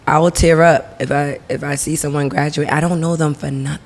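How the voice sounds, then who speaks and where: A chatty woman co-host on a casual podcast, with a gravelly, creaky edge to her voice. She laughs easily and talks in loose, informal grammar. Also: low-pitched, fairly even intonation, fairly quick.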